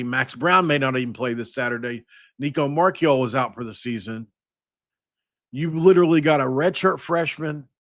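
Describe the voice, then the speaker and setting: A man hosting a sports podcast, talking casually and thinking out loud with frequent restarts. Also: medium pitch, dry recording, studio quality. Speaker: podcast host.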